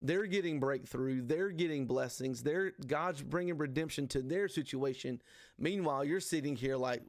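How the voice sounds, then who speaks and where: A man's voice: on the high side, normal speed, no echo, studio quality. A man in his forties hosting a men's ministry livestream, teaching in an earnest, casual way with plenty of "dude" and "man.". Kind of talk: conversational faith teaching. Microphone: livestream microphone.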